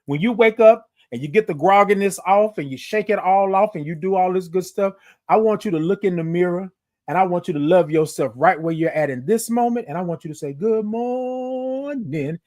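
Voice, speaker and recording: A man hosting a morning livestream from his phone, chatting with viewers, reading out their comments and stretching his good-mornings into long singsong calls. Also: high voice. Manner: animated, drawn-out singsong greetings, reads out viewer comments. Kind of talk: upbeat live-stream chat greeting viewers.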